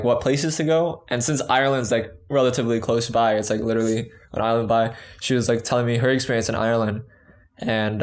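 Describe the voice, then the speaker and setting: A young man co-hosting a casual chat, telling a rambling travel story with many fillers. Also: mid-range voice. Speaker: podcast co-host.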